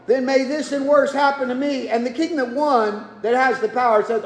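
A man's voice: very high-pitched, moderate pace, creaky, hardly any pauses. A man preaching a sermon, telling the story in a folksy way and acting out the quotes. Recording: echoey hall.

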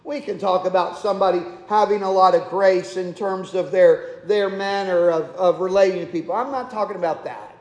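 A pastor preaching a sermon in a chatty, conversational way, tossing rhetorical questions at the congregation. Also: male voice, sits high, fairly even intonation, normal speed, hardly any pauses. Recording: echoey hall with long reverb.

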